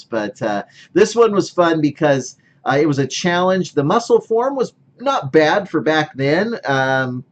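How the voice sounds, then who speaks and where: A middle-aged man casually talking through one of his sculptures, rambling with many fillers and self-deprecating humor. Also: medium pitch. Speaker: sculptor showing his work. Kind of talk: casual show-and-tell vlog.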